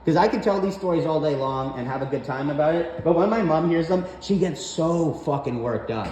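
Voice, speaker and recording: A man's voice: fairly high pitch, expressive, brisk, a little mellow. A man telling stories about his mother in a casual, rambling, exasperated rant full of swearing. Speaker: storyteller vlogger. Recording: roomy echo, faint background noise.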